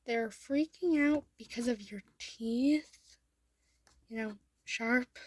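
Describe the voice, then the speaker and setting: A woman's voice: fairly high pitch, slow, husky, no echo. A woman voicing a cheerful young male mutant turtle who talks eagerly and a little hesitantly, in a fan story reading.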